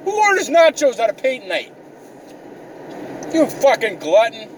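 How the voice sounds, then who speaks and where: Speaking a little slowly, this young vlogger has a very high voice that swings hugely in pitch as he rants, exasperated and constantly cursing, for his comedic, profane vlog. Faint car sounds come through a somewhat distant mic.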